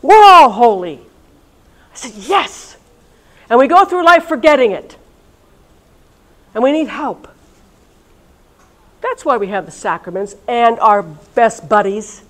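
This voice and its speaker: A woman in religious life gives a casual, lively talk at a college event and keeps turning to the audience with questions. Her voice sits fairly high. She sounds warm, chatty and at ease in front of the room. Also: a little slow, long pauses, low-quality recording. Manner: chatty and lively, talks directly to listeners. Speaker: religious sister leading a reunion session. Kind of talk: informal talk to a live audience.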